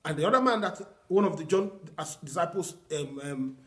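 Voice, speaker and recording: A pastor with a fairly high, a bit bright voice preaches animatedly and a little fast, somewhat raised. He teaches his congregation step by step, leaning on earnest repeated phrases and quoting prayers and scripture as he goes.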